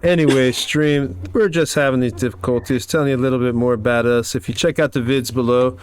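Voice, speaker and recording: A relaxed, chatty man co-hosts a game stream, talking straight to his viewers. His voice sits at a middle pitch. A faint hiss runs under his home mic. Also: fairly quick. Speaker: player and show co-host. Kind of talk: casual chat.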